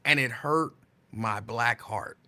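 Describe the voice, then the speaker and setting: Taking it slowly, a talk stream host with a pushed, bright mid-range voice chats in a loose, wandering way. He reacts to viewers' comments and repeats phrases for emphasis.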